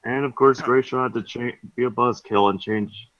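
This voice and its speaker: A man reading his part in a fan script with a sarcastic, animated delivery. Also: mid-range voice, normal speed. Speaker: co-reader. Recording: muffled lo-fi mic.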